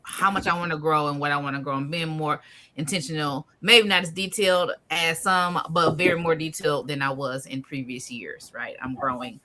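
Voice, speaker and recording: A woman hosting a casual garden chat, laughing often and talking in relaxed slang. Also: sits low. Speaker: podcast host.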